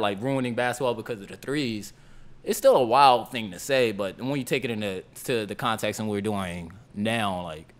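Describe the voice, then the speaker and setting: A man co-hosting a basketball podcast, making his case emphatically in a casual debate. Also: lowish voice. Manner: emphatic, argues his point forcefully. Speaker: podcast co-host.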